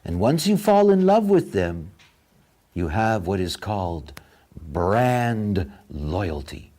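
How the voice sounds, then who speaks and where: A man giving a spoken lecture in a sardonic, mocking, animated way. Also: low-pitched, slow.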